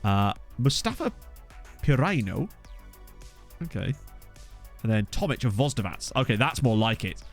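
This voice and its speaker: A man's voice: fairly low pitch, sing-song, moderate pace, soft background music. Chatty man narrating a game. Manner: chatty, self-mocking, thinks aloud. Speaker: gaming YouTuber. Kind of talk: casual let's-play commentary. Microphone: USB desk microphone.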